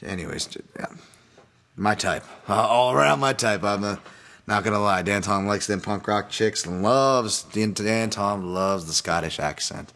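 Rambling low-voiced male podcast host. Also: a little slow, fairly bright tone. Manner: rambling, self-deprecating, many fillers and restarts. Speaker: podcast host, fight analyst. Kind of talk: casual solo podcast breakdown.

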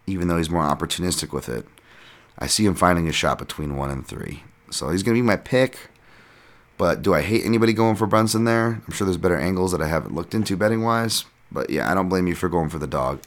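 A man hosting a podcast, talking through fight picks in a loose, rambling way, with frequent restarts and casual swearing. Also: sits low. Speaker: podcast host and fight analyst.

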